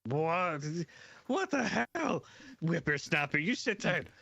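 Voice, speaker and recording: A man voicing a bony, grumpy old male detective in a shrill, cranky voice. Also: extremely slow, pushed and bright, dry recording, exaggerated voice. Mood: indignant. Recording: dull, lo-fi mic.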